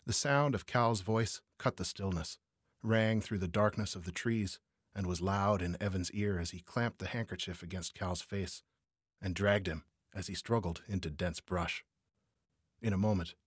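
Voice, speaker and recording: A man narrating a noir crime story as an audiobook reader, measured and steady. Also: deep voice, breathy edge, no room sound, studio quality.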